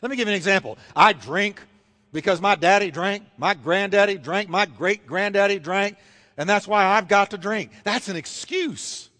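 A male pastor preaching a sermon in a church, emphatic and repetitive with dramatic pauses. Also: high-pitched, pushed and bright, long reverb tail. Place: church sanctuary. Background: congregation.

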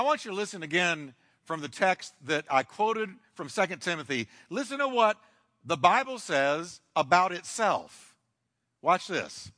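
A male pastor preaching a sermon emphatically, with sweeping shifts in pace and dramatic pauses, in a church. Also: high voice, sharp tone. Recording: long hall reverb.

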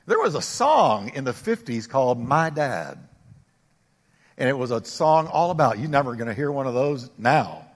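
An older male pastor delivering a sermon, swinging between emphatic raised exclamations and quiet, intimate asides. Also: mid-range voice, in a large hall. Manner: preaching with rising emphatic exclamations.

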